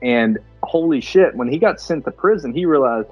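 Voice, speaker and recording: Man, podcast co-host, animated delivery, excitable, swears, slightly breathy voice. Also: medium pitch, normal speed, no echo, lo-fi sound, faint music behind. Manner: excitable, swears a lot, acts out scenes. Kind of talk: casual movie chat over beer.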